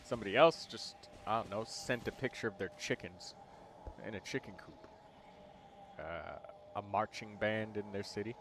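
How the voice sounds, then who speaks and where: A man hosting a game livestream in relaxed, rambling casual chat, with many fillers. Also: fairly low pitch, moderate pace, background noise. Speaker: livestream host. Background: game music.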